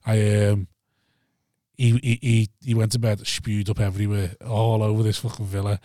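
A man's voice: fairly low pitch, level tone, normal speed, dark tone, dry recording, clean studio sound. A man in his thirties hosting a podcast, telling rowdy stories in casual chat and swearing freely. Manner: swears a lot, tells stories acting out others' lines. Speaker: podcast host.

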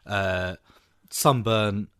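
A man in casual film chat, chatty and quick to laugh, often trailing off mid-sentence. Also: on the low side, a bit bright, clear, resonant tone, dry recording, clean studio sound. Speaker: podcast co-host.

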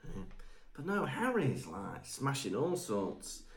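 A man's voice: medium pitch, huge pitch swings, slow pace, gravelly. A man co-hosting a comedic podcast, playful and laughing often as he riffs. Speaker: podcast co-host. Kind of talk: comedic book-discussion podcast chat.

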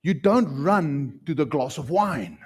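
A South African man preaching a sermon with passion, swinging from loud outbursts to hushed lines. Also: a little high, expressive, slow pace, slightly rough. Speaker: pastor.

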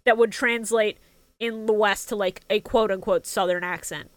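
A woman's voice: medium pitch, fairly even intonation, moderate pace, no room sound. A young woman co-hosting a casual podcast chat, laughing often and swearing freely. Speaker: podcast co-host.

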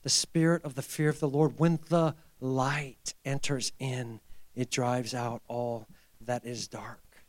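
A middle-aged male pastor preaching a sermon, telling a story and then building to fervent exhortation, moving from hushed tones to loud emphasis. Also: medium pitch, flat delivery, takes it slowly.

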